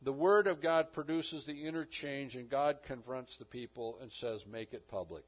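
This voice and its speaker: A man's voice: medium pitch, moderate pace. A man preaching a sermon as pastor, earnest, with rising and falling emphasis. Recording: dull lo-fi recording.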